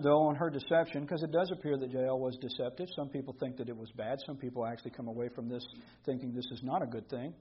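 Emphatic preacher man, husky voice. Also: mid-range voice, steady tone, fast, hardly any pauses, muffled recording. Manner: reads scripture then explains, emphatic repetition. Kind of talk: expository sermon.

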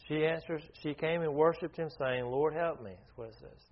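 A man's voice: a little high, fairly even intonation, moderate pace. A man leading an informal Bible study, talking conversationally, often restarting his sentences and asking the group questions. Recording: dull lo-fi recording.

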